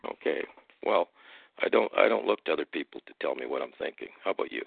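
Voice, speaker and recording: Gravelly low-voiced man over a phone line. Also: lively intonation, no room sound. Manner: deliberate, confrontational when challenged. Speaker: guest speaker. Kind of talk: casual storytelling and argument. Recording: tinny phone-line audio.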